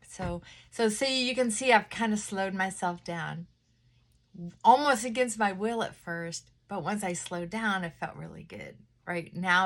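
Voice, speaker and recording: A woman vlogging a casual morning chat while getting ready at her mirror at home, talking in a reflective, self-coaching way that moves between brisk, pushy speech and a slowed, softened, almost whispered tone. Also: mid-range voice. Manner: drops to a soft, near-whispered voice at times.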